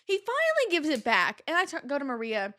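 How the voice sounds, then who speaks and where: A young woman with a high, bright-sounding voice chats through a casual podcast monologue. She talks in an animated, exasperated rush of "like" and "um" while telling personal stories. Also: fast talker. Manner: animated and exasperated, with lots of fillers like "like" and "um". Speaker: podcast host.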